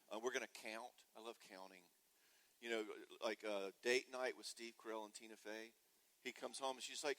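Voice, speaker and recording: A man's voice: fairly low pitch, moderate pace, low-quality recording. A man from the United States giving a humorous parenting talk at a church conference, joking and acting out kids and parents. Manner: joking, animated, does voices of kids and parents. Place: church hall.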